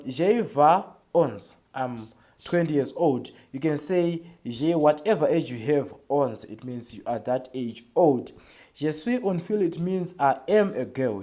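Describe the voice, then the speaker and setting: Mellow-voiced teacher explaining beginner French. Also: medium pitch. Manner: repeats each phrase and checks in with "right?". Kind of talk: beginner language lesson.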